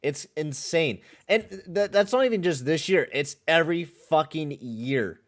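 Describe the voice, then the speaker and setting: A man's voice: fairly high pitch, lively intonation, unhurried. A man from western Canada hosting a casual live hockey play-by-play podcast, swearing and complaining in exasperation. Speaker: podcast host and play-by-play caller.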